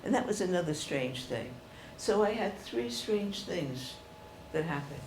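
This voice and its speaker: An older woman telling personal stories to an audience in a chatty, animated way. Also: lowish voice, a little slow, slight background noise. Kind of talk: storytelling talk.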